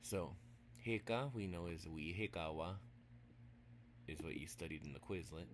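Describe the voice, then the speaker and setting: A deep-voiced language teacher keeps things casual and playful, teasing his listeners as he spells out words bit by bit and drops into hushed asides, with noise in the background.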